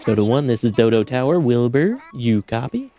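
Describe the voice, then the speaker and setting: A streamer reading a game's dialogue aloud, voicing a male dodo pilot who talks in clipped, low radio jargon. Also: sing-song, moderate pace, warm tone, natural voice. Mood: gruff.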